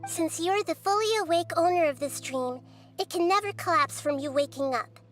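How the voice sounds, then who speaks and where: An actress voicing a small, wise girl goddess in a game, calm and measured in her reasoning. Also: very high-pitched, faint music behind. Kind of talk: game character dialogue.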